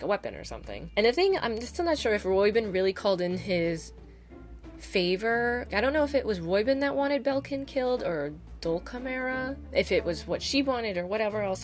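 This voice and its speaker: A woman casually reviewing a novel on her channel, gushing and chatty, with lots of "like" and "oh my God". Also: on the low side. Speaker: book reviewer. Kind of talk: casual spoiler-filled book review.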